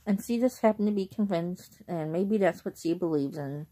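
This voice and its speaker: A young woman vlogging in a casual, rambling way, who often clears her throat. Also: on the low side, normal speed, mellow. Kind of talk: casual chat.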